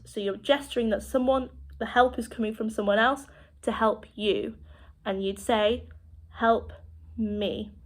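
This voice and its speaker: A woman with a British accent teaching children sign language, speaking slowly and clearly as she demonstrates each word. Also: fairly high pitch. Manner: slow, clear demonstrating speech.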